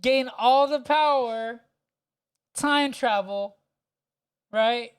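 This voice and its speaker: A man co-hosting a casual podcast chat, animated and swearing freely as he acts out scenes in quoted voices. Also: very high-pitched, drawn-out words, clean tone. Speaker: podcast co-host.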